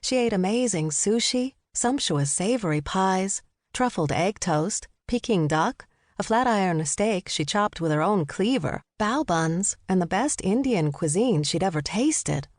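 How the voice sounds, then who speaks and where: A woman narrating a cozy mystery audiobook in a measured, descriptive way. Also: mid-range voice, expressive, dry recording. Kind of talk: scripted narration. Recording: dry studio close mic.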